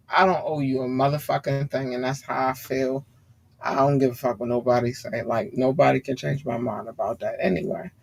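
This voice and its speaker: A woman hosting a podcast, ranting bluntly and swearing freely in heated commentary. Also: a bass voice. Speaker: podcast host.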